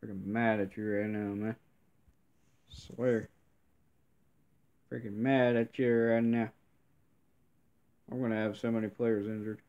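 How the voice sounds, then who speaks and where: Man narrating his own gameplay at a slow, low drawl, muttering irritated complaints and mild curses. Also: little pitch movement, a little mellow, smooth, dull audio. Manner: grumbling, frustrated complaining with mild cursing. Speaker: gameplay commentator. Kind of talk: live gameplay commentary.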